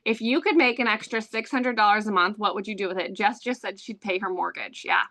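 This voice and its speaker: A woman's voice: medium pitch, fairly quick, pushed and bright. A woman in her thirties telling a candid personal story to an audience, chatty and filled with "um" and "like". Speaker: online business presenter.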